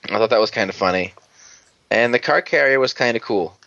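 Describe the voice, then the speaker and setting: A man in casual chat, retelling an episode in a loose, rambling way and tossing in the characters' lines as he goes. His voice sits at a middling pitch. The sound is dry and a little dull. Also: fairly quick, vocal fry, a bit bright, no room sound. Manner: rambling, acts out characters' lines, swears freely. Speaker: podcast co-host.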